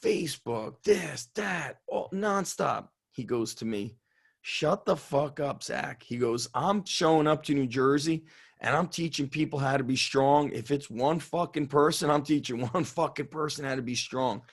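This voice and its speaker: A man who is a strength coach telling a story on an interview in an excitable way, swearing and laughing as he goes. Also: mid-range voice, normal speed, husky. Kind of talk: animated storytelling.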